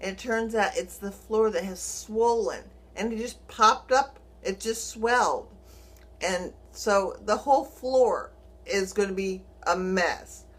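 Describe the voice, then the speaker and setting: A middle-aged woman vlogging, telling a personal story in a lively way and acting out the dialogue. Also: medium pitch. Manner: animated, acts out quoted dialogue, chuckles while telling.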